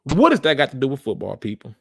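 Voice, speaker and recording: A man's voice: mid-range voice, huge pitch swings, quick pace, creaky, a bit bright, a little hiss or hum. A man hosting a football fan channel, talking in a casual commentary rant, emphatic and informal, repeating his phrases for effect.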